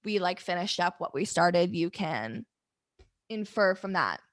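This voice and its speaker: A woman's voice: medium pitch, fairly bright tone. Flustered young woman telling a story. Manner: candid, rambling, flustered, swears freely. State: close to tears. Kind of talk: casual storytelling to camera.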